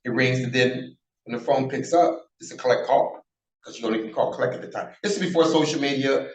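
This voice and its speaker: A man in his sixties telling stories in a casual interview, bluntly and profanely, acting out the dialogue. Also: mid-range voice. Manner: animated, acts out quoted dialogue, blunt and profane. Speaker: interview guest, former prisoner. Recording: roomy echo.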